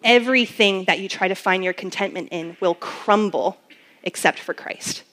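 A woman's voice: on the low side, a bit bright. A young woman giving a personal testimony sermon as a campus minister, telling her story earnestly with many fillers.

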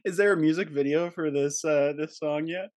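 A man hosting a podcast, lively and encouraging toward his guest. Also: fairly high pitch, normal speed, no echo, studio quality. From Colorado. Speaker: podcast host. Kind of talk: casual interview chat.

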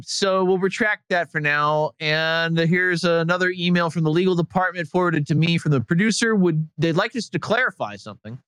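Male podcast host, lively and fairly high voice, dry close mic, laughs through his jokes. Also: no echo. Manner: jokey, laughs often. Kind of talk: casual comic chat.

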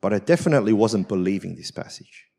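A man's voice: fairly low pitch, animated, fast talker, creaky, dark tone. A man, a senior pastor at a church service, preaching a personal story in a conversational, self-mocking way with frequent tag questions.

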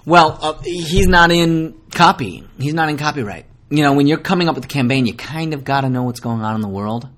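Speaking a little fast with few pauses, the young man from Minnesota keeps his pitch on the high side. He's an actor guest in a laid-back interview, lively and self-mocking, with plenty of restarts.

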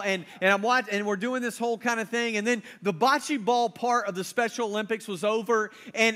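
A man's voice: high voice, sharp tone. A man in his thirties, a pastor preaching a sermon in a casual storytelling way, asking the crowd questions.

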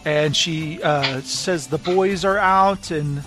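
A man with a notably high voice retells a story to his co-host, slipping into the characters' lines as he goes. The talk is casual and lively. Faint music plays underneath. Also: slow pace. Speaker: podcast co-host. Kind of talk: casual book discussion.

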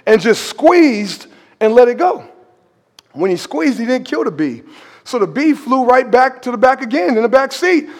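Pastor with a very high voice, animated sermon, shouts for emphasis. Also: male voice, a little fast. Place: church sanctuary. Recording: long reverb of a large church hall.

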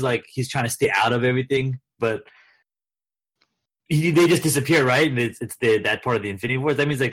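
A man co-hosting a casual chat, talking in a relaxed, rambling way with many fillers. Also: mid-range voice. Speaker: podcast co-host.

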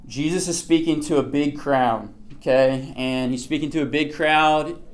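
A man's voice: fairly high pitch, measured pace. A man teaching a casual Bible lesson to a group. He talks conversationally and keeps checking in with his listeners.

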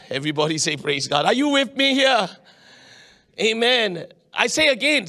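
Man, pastor, sermon, high voice, lively, acts out quotes. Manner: animated, acts out quoted voices, swings between loud and quiet.

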